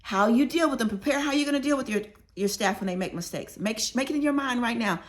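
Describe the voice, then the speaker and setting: A woman's voice: on the high side, fast, few pauses. A woman author telling workplace stories in a conversational way, talking straight to her listeners with emphasis. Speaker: author sharing workplace advice. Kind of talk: conversational storytelling audiobook.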